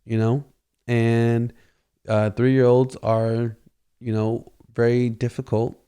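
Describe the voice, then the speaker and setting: A man's voice: medium pitch, level tone, slow, dark tone, clear, resonant tone. A man hosting a podcast, telling a casual story and rambling with constant "you know" fillers. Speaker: podcast host.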